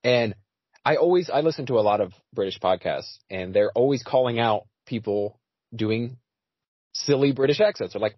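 A man's voice: medium pitch, normal speed, breathy edge, dry recording. A man hosting a casual podcast chat, talking with frequent fillers and restarts. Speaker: podcast host. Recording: dry, slightly dull audio.

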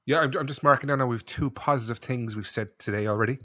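A man, a podcast co-host throwing in quick, teasing remarks. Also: mid-range voice, a bit bright, no room sound. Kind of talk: casual chat.

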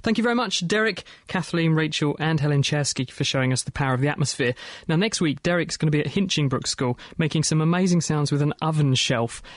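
A man hosting a radio science show, talking in a brisk, chatty, enthusiastic way into a studio microphone. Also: a little high, lively intonation, no room sound. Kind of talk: casual radio presenting.

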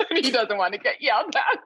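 A woman's voice: on the high side, big pitch swings, moderate pace, fairly bright tone, slight background noise. A woman guest telling stories in casual interview chat, in a chatty, self-deprecating way. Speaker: guest, food writer. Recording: dull, dry lo-fi sound.

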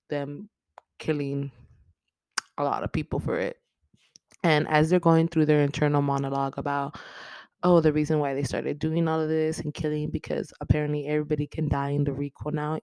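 A woman's voice: low voice, a little mellow, clean tone, dry recording. A woman hosting a casual podcast, retelling a horror movie plot in a rambling, profane way with frequent laughs. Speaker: podcast host.

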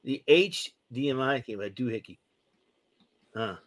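A man's voice: medium pitch, expressive, moderate pace. A man co-hosting a podcast, chatting casually and rambling with plenty of fillers as he shows off a gadget. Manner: rambling, enthusiastic show-and-tell with many fillers. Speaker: podcast co-host. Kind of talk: casual chat.

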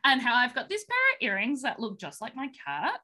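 A woman's voice: high voice, huge pitch swings, moderate pace, bright, forceful tone. A woman co-hosting a podcast who recaps a film in a chatty, rambling way with lots of fillers and giggles. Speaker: podcast co-host. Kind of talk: casual film recap chat.

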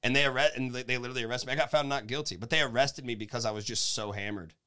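A man's voice: medium pitch, racing, clear, resonant tone. A man telling rowdy road stories in casual podcast chat, laughing often and swearing freely. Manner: animated, laughing, profane storyteller.

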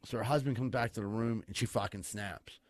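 Excitable, profane male storyteller. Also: on the low side, brisk, dry recording. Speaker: podcast co-host. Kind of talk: casual storytelling chat.

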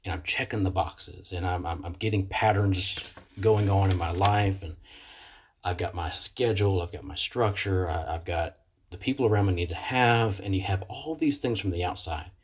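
Talking into a computer webcam microphone, this recovering man gives a sincere, thoughtful motivational talk about his experience. His voice is low and slightly rough, at a moderate pace, and he frequently pauses to say his words again.

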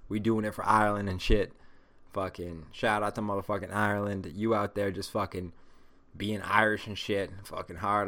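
Low-voiced stoned profane podcaster. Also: male voice, fairly bright tone. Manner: rambling, heavily profane, stoned. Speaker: podcast host. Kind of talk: casual solo podcast rant.

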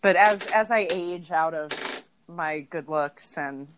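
A woman co-hosting a podcast, telling playful deadpan jokes in casual comedic chat. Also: lowish voice, takes it slowly, noisy background. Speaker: podcast co-host.

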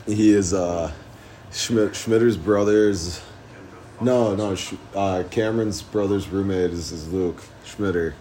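A young man hosting a casual podcast, high and rambling, with lots of swearing and giggling. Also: slow, mellow. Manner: rambling, profane, giggly stoner talk. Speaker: podcast host. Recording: noisy amateur room recording.

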